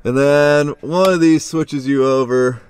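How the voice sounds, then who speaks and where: A man's voice: a little high, fairly even intonation, measured pace, echoey room, big-room sound, heavy background noise. A man hosting a truck vlog at an outdoor job site, joking and teasing his friends as they work. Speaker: vlog host. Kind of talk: casual truck vlog chat.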